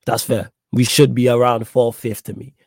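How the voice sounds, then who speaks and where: A young man hosting a casual live-stream podcast, talking in an animated, slangy way and repeating his points for emphasis. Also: medium pitch, normal speed, no room sound, clean studio sound. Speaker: podcast host reading live chat.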